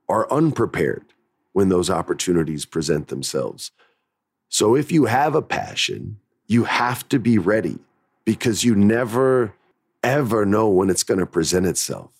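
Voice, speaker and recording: A man's voice: fairly low pitch, big pitch swings, measured pace, creaky, a little mellow, breathy edge, dry recording, studio quality. A man hosting a podcast, telling stories in a candid, emphatic, motivational way. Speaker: podcast host. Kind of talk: casual storytelling podcast.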